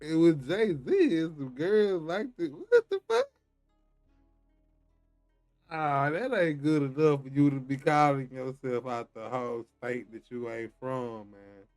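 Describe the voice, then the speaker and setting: Slow-talking, incredulous reaction streamer. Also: male voice, a little high, lively intonation, a little mellow, faint music behind. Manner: laughing, incredulous. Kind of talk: reaction commentary.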